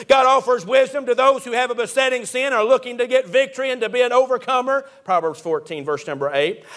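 A man preaching a sermon, reading scripture and rising to fervent shouts on key points. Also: very high-pitched.

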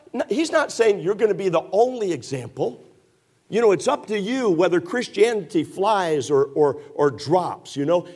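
Male pastor, mid-sermon, folksy, emphatic, sarcastic asides, higher-pitched. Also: darkish tone, breathy edge. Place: church.

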